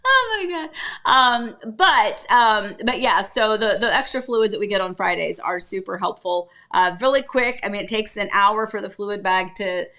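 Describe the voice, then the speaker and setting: A middle-aged woman hosts a relaxed livestream from a table at home. Her voice is bright and forward, and she talks in a loose, rambling way, filling pauses with little hummed syllables. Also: mid-range voice. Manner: chatty, rambling, hums filler syllables to herself. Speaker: livestream host. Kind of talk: casual livestream chat.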